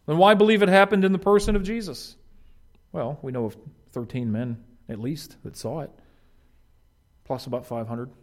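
A pastor preaching a conversational sermon, animated and informal, often restarting his phrases. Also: fairly high pitch, moderate pace, pauses often.

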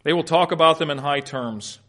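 Preaching as a pastor, this man alternates emphatic, loud statements with soft asides and breaks down Greek terms in a teacherly manner. His voice is a little high and his delivery brisk.

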